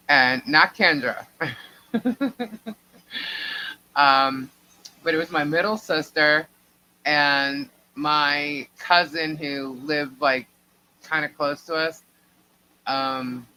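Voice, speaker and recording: A woman's voice: low-pitched, pushed and bright, poor audio. A middle-aged woman co-hosting a live stream, telling a long family story in a rambling, chatty way and laughing between sentences. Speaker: livestream co-host.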